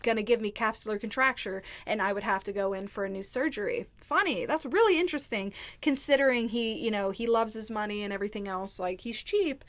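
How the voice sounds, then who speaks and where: A woman's voice: mid-range voice, brisk, hardly any pauses, a bit bright. Candid rambling woman vlogger. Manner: candid, rambling, heavy use of "like". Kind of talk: casual storytime chat. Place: indoors, seated at home.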